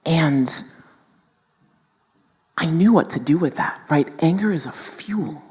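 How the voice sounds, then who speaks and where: Low-voiced woman telling candid stories. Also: animated, slow, mellow, big-room sound. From New York City. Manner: candid, emphatic storytelling, addresses audience as y'all. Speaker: guest speaker. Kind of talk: live panel conversation before an audience.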